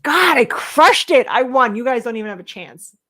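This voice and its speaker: A woman's voice: fairly high pitch, animated, normal speed, bright, forceful tone. Woman, forties, brash, swears a lot, teasing, casual livestream chat. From Long Island, New York. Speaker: co-host of a livestream show.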